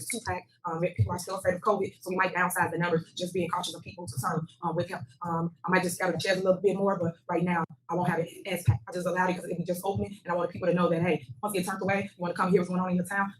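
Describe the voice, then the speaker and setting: A woman mayor making informal, rallying announcements at a town hall meeting, her voice going hoarse. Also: fairly low pitch. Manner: brisk, informal, rallying the room. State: losing her voice. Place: village hall meeting room. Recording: noisy public meeting recording.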